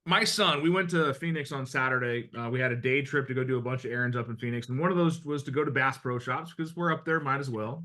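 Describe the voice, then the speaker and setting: A man's voice: medium pitch, fast, few pauses, sharp tone. A middle-aged man from the United States coaching real estate agents in a blunt, conversational way, with some mild swearing. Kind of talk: motivational talk to agents.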